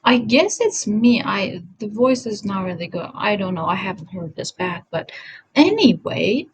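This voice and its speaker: A woman's voice: medium pitch, lively intonation, a little slow, crowd noise, poor audio. A woman talking in a casual commentary vlog, rambling and self-correcting, often apologizing, recorded on a home setup. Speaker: vlogger.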